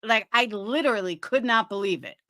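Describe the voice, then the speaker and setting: A woman in a heated livestream rant who swears constantly and keeps a sarcastic bite. Her voice is high and very bright, with a sharp, cutting edge. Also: expressive, brisk. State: fighting cancer. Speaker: livestream host.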